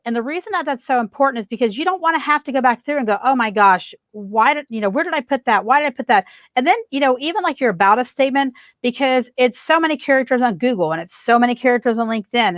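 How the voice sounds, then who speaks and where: A woman's voice: on the high side, dry recording. Emphatic woman giving marketing advice. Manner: emphatic, repeats key advice. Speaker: guest marketing expert. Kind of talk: casual podcast advice.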